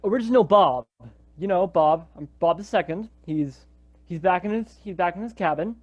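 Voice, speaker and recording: High-voiced young man telling a rambling story. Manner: rambling, quotes characters in quick bursts. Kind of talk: improvised round-robin storytelling. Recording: dull lo-fi recording.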